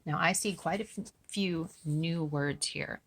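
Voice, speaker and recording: Woman teacher reading to kids, slow and animated, with a gravelly edge to her voice. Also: low voice. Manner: gentle, encouraging teacher talk. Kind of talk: reading aloud to children, with vocabulary lessons.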